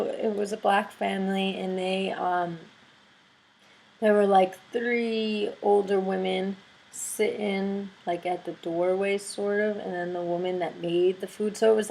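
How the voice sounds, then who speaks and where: Give me a woman vlogger telling a story with gushing excitement. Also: mid-range voice, creaky, low-quality recording. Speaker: video blogger. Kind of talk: casual storytelling vlog.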